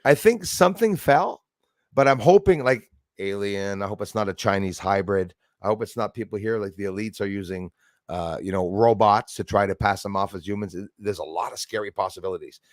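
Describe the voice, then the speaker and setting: A man hosting a casual chat, telling stories in an excitable, animated way. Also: on the low side, fairly quick, no room sound, clean studio sound. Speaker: podcast host.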